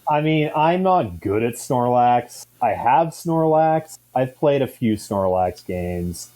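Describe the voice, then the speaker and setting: A man's voice: medium pitch, very animated, takes it slowly, warm tone. A man in a casual chat, hedging and thinking aloud with fillers. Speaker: guest player. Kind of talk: casual chat about a game.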